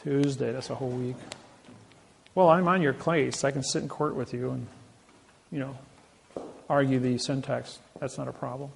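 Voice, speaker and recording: A man telling boastful stories to an audience, animated, with many restarts. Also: mid-range voice, normal speed, creaky, pauses often, a little hiss or hum. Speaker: seminar speaker. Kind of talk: storytelling talk to an audience.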